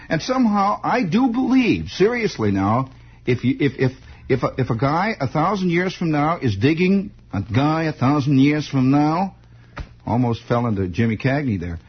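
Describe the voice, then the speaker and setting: On a lo-fi old radio broadcast, a late-night host delivers a rambling monologue broken up by sing-alongs, his tone wry, sardonic and mock-grumpy. His mid-range voice is sing-song with a breathy edge, and he talks fairly quickly.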